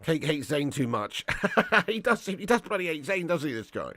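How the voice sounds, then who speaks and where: A man with a fairly high voice hosts a live football watch-along, delivering commentary and reading chat aloud at normal speed. He's excitable and slangy, breaking into indignant outbursts. The recording is dry.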